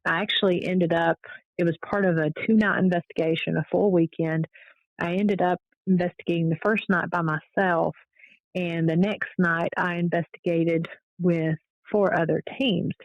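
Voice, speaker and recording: A woman paranormal investigator, a guest on the show, telling her stories in a casual, animated way. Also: lowish voice, dry recording. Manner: animated storytelling, fillers and restarts. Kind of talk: casual interview storytelling. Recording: dull lo-fi audio.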